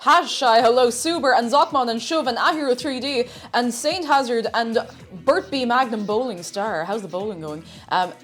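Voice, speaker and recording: A woman's voice: on the high side, moderate pace, a bit bright. A young woman chatting on a live cooking stream, bubbly and sing-song as she greets her chat from a home kitchen. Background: faint background music.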